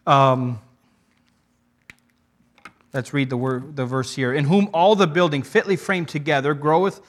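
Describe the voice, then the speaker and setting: A man preaching a sermon earnestly, reading verses aloud and pausing to restart his thoughts. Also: on the high side, fairly even intonation. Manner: earnest, with frequent restarts and pauses to read scripture.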